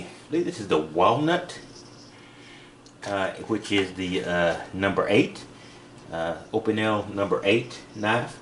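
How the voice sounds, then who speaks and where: Male vlogger, low-pitched, halting and chatty, light noise behind. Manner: rambling, halting, many fillers and restarts. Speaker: knife reviewer. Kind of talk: casual product demo vlog. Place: van.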